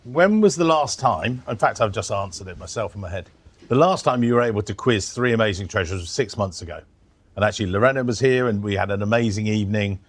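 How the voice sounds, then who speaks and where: A male podcast host delivers an upbeat, scripted introduction in a fairly low voice. Soft music plays behind him. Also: animated, fast talker.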